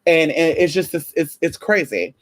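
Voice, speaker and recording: A woman chatting casually to camera about spiritual energy. She swears freely and acts out conversations with sudden high jumps in pitch. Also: moderate pace. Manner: animated, profane, acts out quoted exchanges with big pitch jumps. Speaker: spiritual vlogger.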